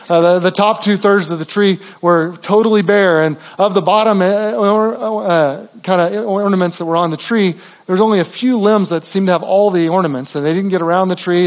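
A pastor preaching a sermon in an earnest, conversational way, with frequent restarts. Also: male voice, high voice.

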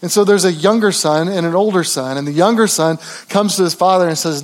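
Guy preaching, high voice, chatty storytelling, lots of ums and restarts, goes soft then loud. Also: fairly quick. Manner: conversational storytelling preaching with many fillers and restarts; voice drops low and quiet in tender passages, rises for quoted speech. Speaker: pastor. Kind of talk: sermon.

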